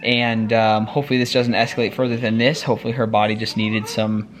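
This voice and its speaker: A man's voice: lowish voice, level tone, quick pace. A young man, a father of three, talking casually to camera at home in a rambling, worried way with many fillers. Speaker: vlogger dad. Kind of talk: casual home vlog chat. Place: family home, indoors.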